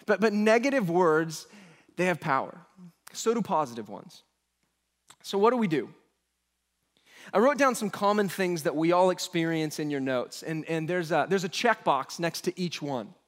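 A man in his thirties delivers a sermon with a high, light voice. He tells funny, self-mocking stories and acts out the voices of the people in them. The sound rings with the long reverb of a large hall. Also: expressive, moderate pace. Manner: humorous storytelling, acts out quoted voices. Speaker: pastor.

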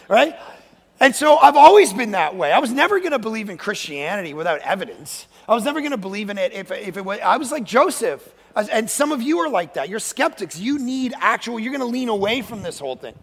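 Male guest preacher, high and gravelly, playful and animated, sanctuary reverb. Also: brisk. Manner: animated, joking, acts out quoted voices, sudden shouts. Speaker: guest pastor. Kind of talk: energetic comedic sermon. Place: church sanctuary. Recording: long hall reverb.

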